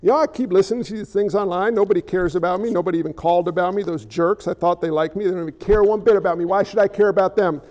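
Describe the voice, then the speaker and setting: A man voicing a grumbling churchgoer who mutters excuses for staying home from church, in a lower, quieter and quicker voice than his own. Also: fairly even intonation, big-room sound, lo-fi sound, natural voice.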